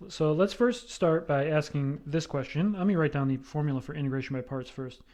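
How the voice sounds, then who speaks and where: A man's voice: fairly high pitch, fairly quick, darkish tone. A man lecturing on math, explaining step by step and checking in often with "right?". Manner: explanatory, repeats with "right?" and fillers.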